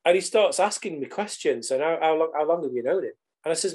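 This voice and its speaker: A man's voice: fairly high pitch, animated, quick pace, hardly any pauses, darkish tone, slightly rough. A middle-aged man, telling a story animatedly as a podcast guest, with casual swearing. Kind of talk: storytelling in conversation.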